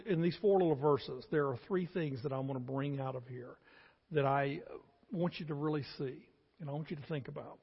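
A pastor delivers a sermon in a gravelly, slightly husky voice that sits a little high for a man. He talks to the congregation like a conversation and then presses his points hard. The sound is dull and carries a long church-hall echo. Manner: conversational preaching, rising to emphatic. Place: church sanctuary.

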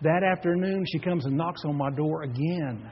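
A man with a Texan accent preaches in a church sanctuary, and his voice rings out in a long hall echo. His tone runs a bit high and slightly husky, emphatic one moment and hushed the next. The recording is dull and lo-fi. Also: normal speed. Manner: emphatic storytelling preacher, swings from loud to hushed. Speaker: pastor. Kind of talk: sermon. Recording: echoey hall, dull lo-fi audio.

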